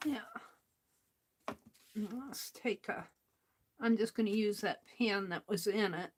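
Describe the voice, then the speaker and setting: Slow, musing woman crafting on stream. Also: medium pitch, a little hiss or hum. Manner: slow, musing, thinking aloud to herself. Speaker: craft livestream host. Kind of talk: casual talk while crafting.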